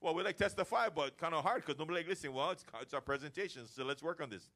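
A man preaching a lively sermon to his church, acting out everyday chats as he goes. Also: on the high side, fast talker. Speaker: pastor. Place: church service.

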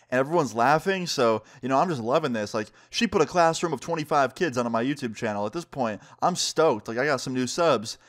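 A man YouTuber telling a storytime vlog with lively, acted-out dialogue. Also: medium pitch, fairly quick, hardly any pauses.

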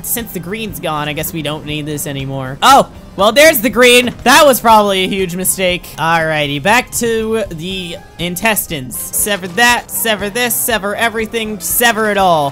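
A man giving excitable gameplay commentary, frantic, exclaiming and laughing at himself as he plays. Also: high voice. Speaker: gaming commentator.

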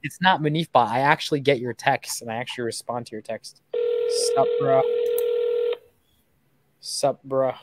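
A man's voice: mid-range voice, quick pace, few pauses. A man in his twenties hosting a livestream while calling sellers, talking in a loose, joking, chatty way with viewers. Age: 20s. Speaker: host making seller calls on a livestream. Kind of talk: casual livestream chat. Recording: steady background noise.

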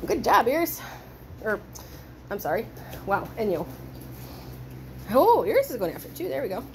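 A woman's voice: on the high side, sing-song, moderate pace, darkish tone. A woman who breeds dogs, talking to her puppies in playful sing-song baby talk, cheering and praising them while she films in an indoor puppy pen. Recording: noisy room with puppies.

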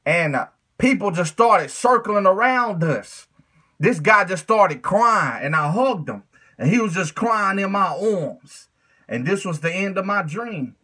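A man's voice: high-pitched, lively intonation, unhurried, pushed and bright, faint music behind. A man preaching earnestly in a casual, informal way, telling of a dream and then speaking straight to the listener as "my friend.". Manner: plain informal speech, says "man". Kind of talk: devotional sermon.

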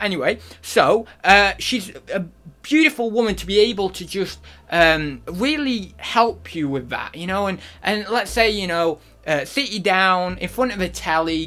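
A man's voice: high voice, animated, moderate pace, fairly bright tone. A man giving a casual, rambling channel review, full of fillers. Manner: rambling, chatty, many fillers. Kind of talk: casual vlog commentary.

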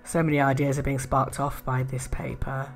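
A woman chatting casually in a craft haul video, gushing with soft admiring murmurs and little laughs. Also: very deep voice, flat delivery, normal speed, faint music behind. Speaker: art and craft vlogger.

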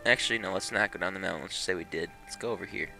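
A man doing let's play commentary, excitable, swearing and laughing at the game. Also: low voice, rapid-fire, gravelly, soft background music. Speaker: gaming channel host.

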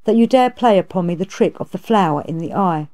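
A woman's voice: fairly low pitch, expressive, fairly quick, mellow, close to an everyday voice. A woman reading aloud, voicing a gluttonous, boastful male pig monster who blusters and pleads. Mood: blustering.

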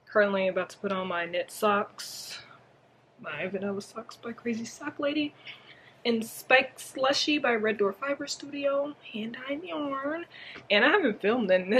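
A woman's voice: medium pitch, measured pace, fairly bright tone, slight background noise. Chatty woman vlogger with a slight lisp. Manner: chatty and rambling, full of "like". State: slight lisp from a swollen palate. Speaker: knitting vlogger. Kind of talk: casual vlog chat. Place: at home at a desk with a laptop.

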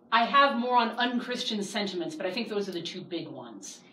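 A woman's voice: mid-range voice, a little fast. Woman teaching Bible class in an echoey room. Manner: lively, acts out quoted voices. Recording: echoey room, distant mic, faint hiss.

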